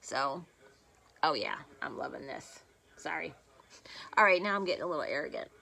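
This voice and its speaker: A woman with a low-pitched, creaky yet bright and forceful voice, swinging widely in pitch, does a makeup tutorial at a moderate pace. She films it on her phone camera in a room at home, chatting in a rambling, self-deprecating way.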